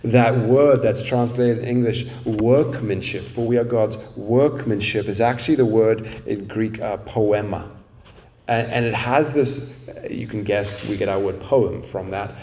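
A man preaching in a mellow, relaxed voice, easing into a story with many "uh"s and "like"s. He sounds a bit far from the microphone, like a preacher at an evening church meeting. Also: lowish voice, unhurried, roomy sound. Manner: relaxed storytelling, frequent fillers. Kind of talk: sermon. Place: meeting room at an evening gathering.

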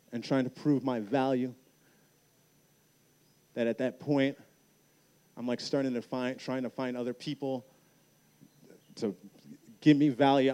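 A man speaking at a youth camp, telling his own story as a sermon, dropping soft and slow on key lines. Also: medium pitch. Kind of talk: sermon with personal testimony. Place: large hall at a youth camp.

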